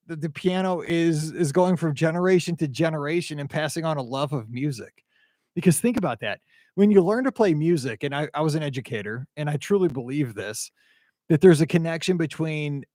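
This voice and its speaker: On his podcast, a middle-aged Midwestern host reads listener feedback and chats casually, full of enthusiasm, rambling and restarting frequently. The voice is on the high side with a darkish tone, captured at studio quality with no echo.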